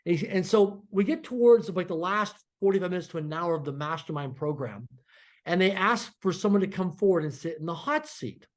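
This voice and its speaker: A man's voice: high-pitched, a little fast. A middle-aged man, a podcast guest, telling a story with energy and acting out the dialogue. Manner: animated, acts out dialogue in quotes.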